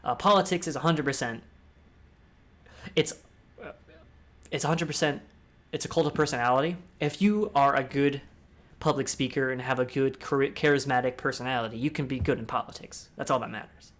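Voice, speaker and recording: Talking a little fast in a bit bright, medium-pitched voice, a young man from the US hosts a Discord session on public speaking. He rambles casually, restarting sentences and wandering into asides.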